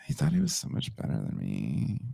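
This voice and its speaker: A man doing a parody of a vapid, self-absorbed influencer, drawling in a creaky vocal fry. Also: extremely low pitch, a little mellow, no room sound, voice pushed down, heavily acted.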